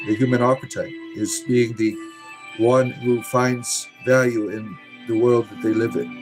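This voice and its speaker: A man hosting a livestream, reading and answering viewer comments bluntly and sarcastically, cursing freely. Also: mid-range voice. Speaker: livestream host reading chat. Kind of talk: casual livestream chat.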